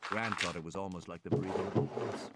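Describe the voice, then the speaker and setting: A man reading a novel aloud with expressive, dramatic pacing, with loud gunfire behind. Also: low-pitched, fast talker, very noisy. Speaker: audiobook reader.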